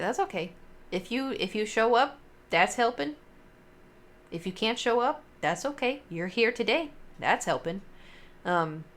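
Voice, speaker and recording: A young woman streamer telling stories to her chat in a casual, rambling way, full of fillers and swearing. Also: medium pitch. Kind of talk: casual livestream storytelling.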